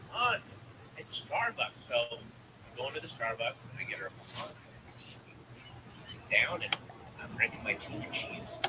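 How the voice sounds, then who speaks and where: A man doing stand-up, telling a story about his young daughter with a lively, building delivery. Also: fairly high pitch, background noise. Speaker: stand-up comedian.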